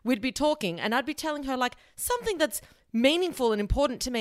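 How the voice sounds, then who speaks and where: A woman's voice: on the high side, expressive, fast, no room sound, studio quality. Blunt, swearing woman. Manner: blunt, emphatic, swears casually. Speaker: podcast host. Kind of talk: solo advice podcast monologue.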